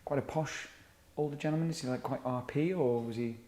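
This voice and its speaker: A man's voice: medium pitch, a little fast, warm tone. Curious man in an echoey room. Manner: curious, questioning. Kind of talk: casual discussion. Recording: roomy echo.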